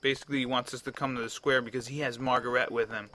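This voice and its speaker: A man's voice: mid-range voice, little pitch movement, fast talker, sharp tone, a little hiss or hum. A man around thirty giving casual, rambling commentary over a video game he is playing. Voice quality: rambling, chatty, frequent restarts. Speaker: let's play commentator.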